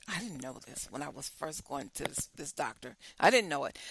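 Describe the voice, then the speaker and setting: A woman's voice: mid-range voice, gravelly, pushed and bright, dry recording, low-quality recording. A woman hosting a talk show, musing aloud with lots of repeated questions and restarts. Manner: repetitive, questioning, rambling with many restarts. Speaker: host. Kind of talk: casual talk show monologue.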